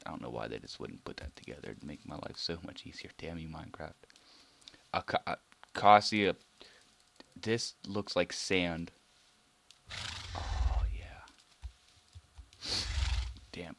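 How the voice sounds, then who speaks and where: A young man giving casual gameplay commentary, excitable, swearing now and then and muttering asides under his breath. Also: deep voice, slow pace, creaky, long pauses. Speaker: let's play gamer.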